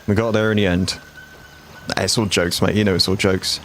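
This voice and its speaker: A man's voice: low voice, flat delivery, brisk, background noise. A man, chatting bluntly and swearing freely with viewers while he streams a game. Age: 40s. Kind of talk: casual live-stream chat.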